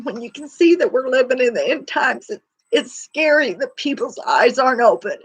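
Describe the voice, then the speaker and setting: A woman's voice: sits high, expressive, normal speed, breathy edge, dry recording. A woman hosting a casual, faith-driven livestream, talking in a chatty, folksy, rambling way with lots of fillers. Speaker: livestream host.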